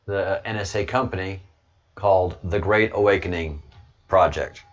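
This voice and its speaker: A man with a low-pitched voice hosts a casual livestream, reading his chat and rambling at a moderate pace. He stammers over repeated words and chuckles frequently, and the audio sounds dull.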